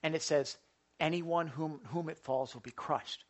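A man preaching a sermon as pastor, animated, with big swings from soft to loud and repeating words as he starts sentences. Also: fairly high pitch, unhurried.

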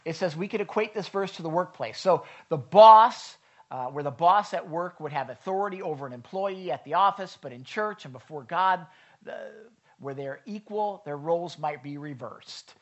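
A man's voice: fairly high pitch, lively intonation, moderate pace, muffled recording. A man preaching a sermon at a church service, talking in a loose, conversational way and putting questions to the congregation. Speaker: pastor.

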